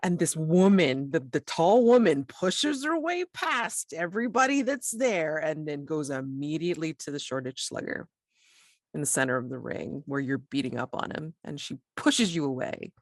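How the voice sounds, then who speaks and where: A woman narrating a tabletop role-playing game as game master, describing scenes in a measured way. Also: low-pitched, expressive, no echo, clean studio sound.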